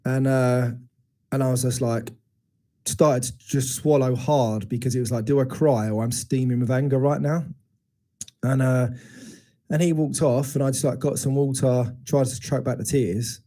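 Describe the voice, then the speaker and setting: A man's voice: medium pitch, fairly even intonation, normal speed, warm tone. A man in his forties, a guest on an interview podcast, telling a painful personal story frankly and thoughtfully, often restarting his sentences. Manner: reflective, frank, with many restarts and acted quotes. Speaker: guest, men's educator.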